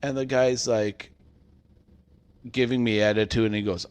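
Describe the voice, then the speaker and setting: A man with a somewhat low voice tells a workplace story in a relaxed podcast chat. He acts out what people said, getting loud for the quotes. He sounds to be in his thirties. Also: moderate pace, smooth. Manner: animated storyteller acting out quotes. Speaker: podcast co-host telling a work story.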